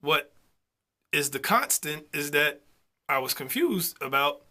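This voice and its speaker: Bright-toned young man, teasing and argumentative. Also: a little high, big pitch swings, a little slow. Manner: teasing, argumentative, repeats words. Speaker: co-host of a couple's vlog. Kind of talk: casual chat.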